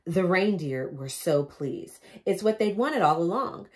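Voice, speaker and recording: A woman's voice: on the low side, measured pace, hardly any pauses. A woman vlogger reading a picture book aloud with chatty, joking asides. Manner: animated, chatty asides, laughs at own jokes.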